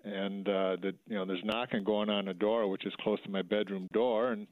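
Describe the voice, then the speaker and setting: A middle-aged former hockey player telling a story in a halting way, full of fillers and restarts, over a phone line. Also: male voice, fairly low pitch, little pitch movement, dry recording. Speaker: former minor league hockey player, guest. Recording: tinny phone line, dry.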